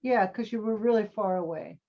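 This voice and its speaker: A woman's voice: mid-range voice, fairly quick. A woman acting teacher coaching students over a video call, encouraging and calling them sweetie and honey. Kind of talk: coaching students in an online class. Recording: dull lo-fi call audio.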